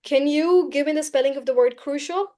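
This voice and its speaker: A woman teaching a live online class, brisk and coaxing, often repeating key phrases. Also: high-pitched, mellow. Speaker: English teacher.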